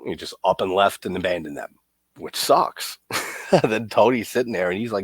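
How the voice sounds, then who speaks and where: A young man talks through a horror film in a loose, joking way, dropping curses and chuckling as he recaps. His voice sits very low, and the recording is dry and close with no room around it. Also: animated, a little fast, husky, no echo. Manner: loose and profane, laughs and jokes while recapping. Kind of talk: casual film commentary.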